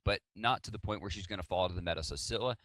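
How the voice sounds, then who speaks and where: A man casting a live esports match, breaking down picks and strategy in quick analytical talk. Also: deep voice, a bit bright, no room sound. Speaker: esports caster. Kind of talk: live esports play-by-play commentary.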